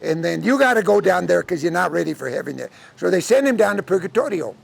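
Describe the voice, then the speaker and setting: A man telling a traditional folk tale to a live audience, acting out the characters' lines in an animated way. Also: high-pitched, quick pace, gravelly, slightly rough. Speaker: storyteller. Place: lecture audience setting.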